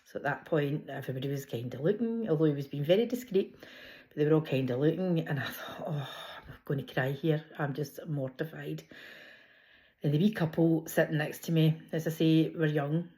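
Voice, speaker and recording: A middle-aged Scottish woman with a broad Glasgow accent, talking straight to camera in a relaxed, chatty vlog. Her voice sits low for a woman, and she tells her stories with easy laughter. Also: a little fast. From Scotland. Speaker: vlogger. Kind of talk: casual personal vlog.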